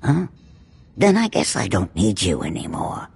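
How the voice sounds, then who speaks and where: An actor playing a ruthless crime boss in a game, speaking slowly with cold, clipped threats. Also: male voice, low voice, wildly swooping pitch, vocal fry, heavy background noise, full character voice. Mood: menacing. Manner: slow, threatening, clipped orders.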